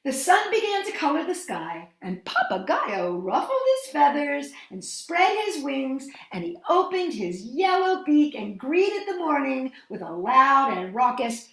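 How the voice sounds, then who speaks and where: Animated woman reading to kids. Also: high voice, a little slow, hardly any pauses, slight background noise. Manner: animated and expressive. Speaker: storytime host. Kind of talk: reading a picture book aloud to children. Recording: echoey room.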